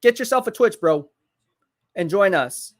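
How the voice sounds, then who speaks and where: A man hosts a live football watch-party stream, reacting excitedly to plays, chatting with viewers and repeating his points. His voice is high-pitched, and he keeps a measured pace.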